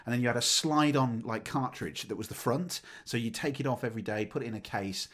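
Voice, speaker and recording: A man, co-hosting a podcast, telling a story in casual chat with laughter and acted-out shouting. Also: mid-range voice, a little fast. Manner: animated, laughs while telling, acts out shouting. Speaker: podcast co-host.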